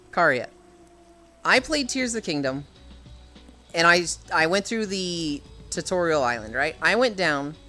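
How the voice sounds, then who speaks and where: Bright, animated male streamer. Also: fairly high pitch. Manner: rambling, exasperated, swears a lot. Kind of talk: casual chat on a live stream.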